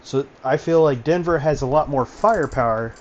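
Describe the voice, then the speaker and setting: A man's voice: mid-range voice, normal speed, highs cut off, a little hiss or hum. A man giving casual basketball analysis over voice chat, talkative and full of fillers. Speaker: basketball commentator.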